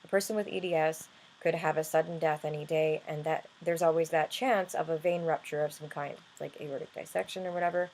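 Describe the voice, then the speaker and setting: A woman talking earnestly in a personal vlog, halting and restarting often as she explains her life with a chronic illness. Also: low voice, steady tone, darkish tone, a little hiss or hum, poor audio. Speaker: vlogger and music artist.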